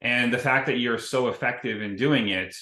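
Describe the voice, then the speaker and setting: Guy hosting interview, gushing praise, bright voice, roomy echo. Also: mid-range voice. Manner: effusive, praising, halting restarts. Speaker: interview host. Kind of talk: conversational interview.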